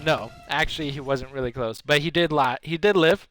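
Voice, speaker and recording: Male streamer, animated storyteller, bright forceful tone, slightly high voice, faint background hum. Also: brisk, soft background music. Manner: animated, acts out sound effects and voices in a tall tale. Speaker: game streamer. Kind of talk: live-stream storytelling and chat.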